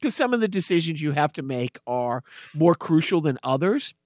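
A man's voice: a little high, sing-song, normal speed, a little mellow, no room sound, clean studio sound. A middle-aged man co-hosting a podcast, talking casually and explaining things at length with small stammers. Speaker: podcast co-host. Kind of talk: casual chat.

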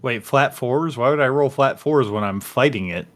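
A man's voice: medium pitch, normal speed, a bit bright. A man playing a tabletop game, brash and stammering, swearing often. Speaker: player. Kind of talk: casual tabletop game chat.

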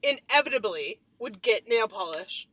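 A woman's voice: a little high, expressive, a bit bright, poor audio. A young woman co-hosting a podcast, chatting casually and joking playfully with her co-host. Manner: playful, quick to joke and riff. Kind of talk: casual chat.

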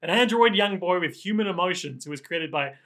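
Bright, playful man. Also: high-pitched, animated, brisk. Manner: playful, laughs often, storyteller. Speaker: podcast co-host. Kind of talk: casual chat, recapping stories.

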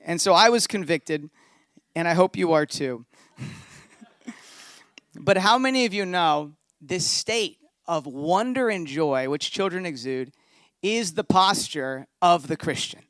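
A man's voice: on the high side, expressive, a little slow, fairly bright tone, no room sound, clean studio sound. A man, a pastor preaching a sermon in a conversational, storytelling way.

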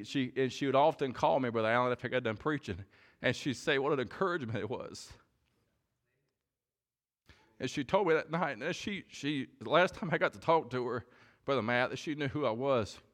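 A man preaches a sermon in church, his voice sitting at an ordinary middle pitch. He is earnest and heartfelt, often circling back and repeating words as he works toward his point. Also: fairly quick, a bit bright.

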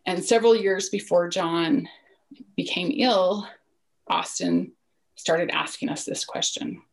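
Guest, woman, 40s, low gravelly voice, reflective and earnest, slips into near-whispers. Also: wildly swooping pitch, slow pace, low-quality recording. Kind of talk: personal storytelling in a podcast interview.

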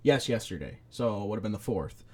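A man's voice: fairly low pitch, very animated, brisk, warm tone. A man co-hosting a podcast, telling rambling casual stories and swearing freely. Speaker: podcast co-host. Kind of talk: casual chat.

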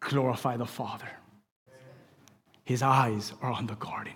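A man preaching a sermon to his church, rambling and conversational, swinging from loud exclamations to hushed near-whispers. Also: mid-range voice, steady tone, unhurried. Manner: rambling and conversational, with asides to the congregation. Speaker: pastor. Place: church sanctuary. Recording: long reverb of a large hall.

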